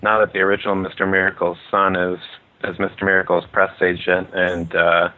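A man's voice: low-pitched, monotone, fairly quick. A man co-hosting a podcast, summarizing in a laid-back, self-deprecating casual chat. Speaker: podcast co-host. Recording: tinny phone line.

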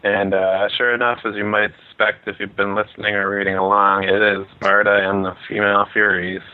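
A man's voice: lowish voice, level tone, fairly quick. A man co-hosting a podcast, summarizing in a laid-back, self-deprecating casual chat. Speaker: podcast co-host. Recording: tinny phone line.

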